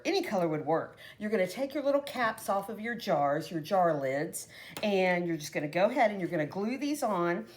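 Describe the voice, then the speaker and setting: A middle-aged woman from Texas with a Texan accent, chatting casually to viewers as a craft and cooking vlogger with animated storytelling. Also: medium pitch, a little hiss or hum.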